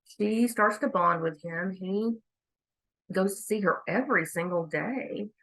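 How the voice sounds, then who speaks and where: A woman's voice: mid-range voice, measured pace, fairly bright tone, poor audio. A woman speaking candidly to viewers, telling a personal story and reflecting on faith in a conversational way. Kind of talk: casual faith talk to viewers.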